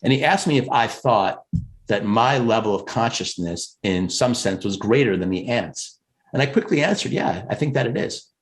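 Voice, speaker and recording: An American man, a career coach, talking earnestly and conversationally about spirituality on a group call, often rising in pitch for emphasis. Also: lively intonation, normal speed. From United States.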